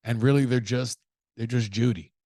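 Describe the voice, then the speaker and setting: A man talks through a solo podcast in a loose, blunt, profane way, often slipping into acted-out quotes of other people. His voice has a gravelly edge. The sound is close and dry, with no room around it. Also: mid-range voice, moderate pace, warm tone, no echo. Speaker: podcast host. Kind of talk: casual solo podcast commentary.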